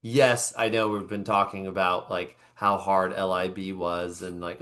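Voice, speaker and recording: A man co-hosting a podcast, adding a relaxed, rambling side note in casual chat. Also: sits low, measured pace. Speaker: podcast co-host.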